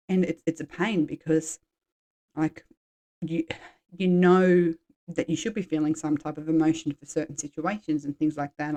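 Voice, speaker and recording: Low, mellow-voiced woman in her forties. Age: 40s. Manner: frank, rambling, drops swear words. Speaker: podcast host. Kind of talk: candid personal chat.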